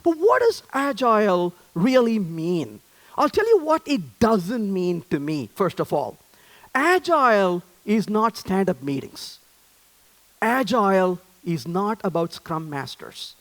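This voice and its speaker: Guy giving a tech conference talk, pitch jumps all over, jokey and animated. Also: slow. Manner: lively, joking, asks the audience questions. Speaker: conference speaker.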